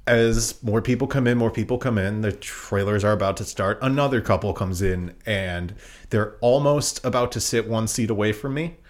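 A man co-hosting a podcast tells a story in casual chat, swearing a lot in his animated, profane storytelling. His voice is lowish and moves at normal speed.

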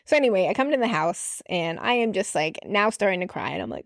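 A woman in her late twenties telling a personal story in a casual podcast monologue, animated and full of "like" fillers, acting out the voices of people she quotes. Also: mid-range voice, fairly quick, hardly any pauses, no echo, studio quality. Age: late 20s. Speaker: podcast host.

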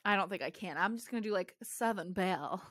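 A woman's voice: medium pitch, quick pace, a bit bright, dry recording, clean studio sound. A young woman co-hosting a casual podcast, chatting in a bubbly way and laughing easily. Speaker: podcast co-host. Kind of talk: casual chat.

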